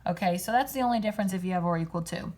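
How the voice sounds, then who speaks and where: A woman's voice: on the low side, very fast, darkish tone. Patient woman teaching a math lesson. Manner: patient, explanatory, asks and answers her own questions. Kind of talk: recorded classroom lesson.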